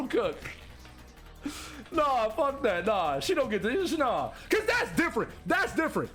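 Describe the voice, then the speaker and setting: A man giving casual, profane reaction commentary as a streamer, with animated slang and frequent laughter. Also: extremely high pitch, unhurried, soft background music.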